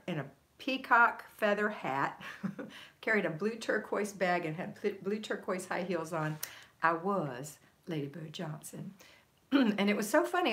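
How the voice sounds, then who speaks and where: A woman's voice: lowish voice, fairly bright tone. Chatty older woman hosting a live stream. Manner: chatty and upbeat, laughs often, quick asides. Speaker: livestream host. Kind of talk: casual live chat, reading viewer comments aloud.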